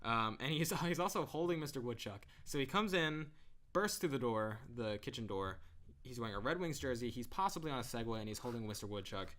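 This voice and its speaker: A man's voice: mid-range voice, lively intonation, brisk, fairly bright tone. A young man co-hosting a podcast, recapping an episode from his notes in a dry, sarcastic, casual way. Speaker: podcast co-host.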